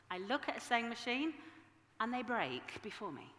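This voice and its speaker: Animated woman preaching in echoey hall. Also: medium pitch, fast. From Yorkshire, England. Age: 40s. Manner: animated, self-mocking storytelling. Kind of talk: sermon. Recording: echoey hall with long reverb.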